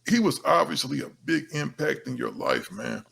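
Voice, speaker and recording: A man's voice: on the high side, huge pitch swings, moderate pace, creaky, fairly bright tone, husky. A male interview host in a casual sit-down, asking laid-back questions with fillers.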